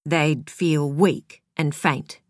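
A woman reading an audiobook, voicing a man who is a doctor, explaining symptoms in a calm, clinical way. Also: fairly high pitch, drawn-out words, no echo, studio quality. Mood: serious. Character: male doctor boyfriend, calm and serious. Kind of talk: audiobook character voice.

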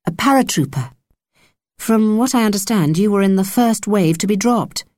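A woman's voice: medium pitch, normal speed, a little mellow, no room sound, voice pushed up, natural voice. Firm kind nurse lady, a woman reading it, patient, bit of a scold, dry close sound. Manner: patient, chiding. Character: brisk young female army nurse, kindly but firm.

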